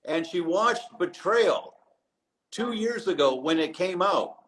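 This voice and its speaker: Male doctor guest on a live interview call, a bit high-pitched, lively storyteller who voices the people he quotes. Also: slow pace, poor audio. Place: abroad, remote live session.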